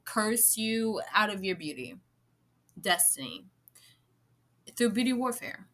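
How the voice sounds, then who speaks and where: A young woman talking casually to camera in a vlog, animated and swearing freely, often laughing and slipping into playful voices. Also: on the high side. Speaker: vlogger.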